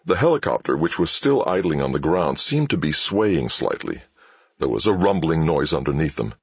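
A man doing scripted dramatic narration of a thriller audiobook in a measured way. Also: extremely low pitch, sing-song, slightly rough, dry recording.

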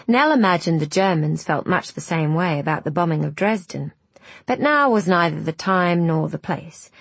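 An audiobook narrator with a husky, gravelly, low-sitting woman's voice reads a novel from a script. Her storytelling is measured and even, with no room sound.

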